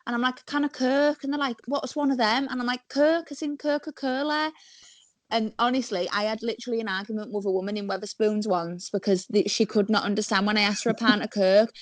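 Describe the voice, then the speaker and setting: Lively woman with a Hull accent. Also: on the high side, fast, dry recording. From Hull, England. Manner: animated storyteller who acts out quotes. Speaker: guest, professional wrestler. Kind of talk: casual podcast chat.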